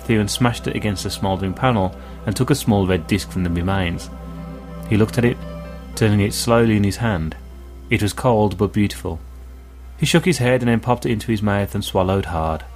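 Male narrator, low voice, even reading over faint background music. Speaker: audiobook narrator. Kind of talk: scripted narration.

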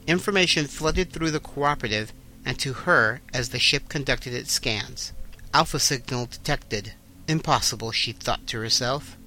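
Male host-narrator, bright and forward, even mid-range voice. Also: medium pitch, rough recording. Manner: announcing, then steady narration. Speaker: host and reader. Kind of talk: fan audio story reading.

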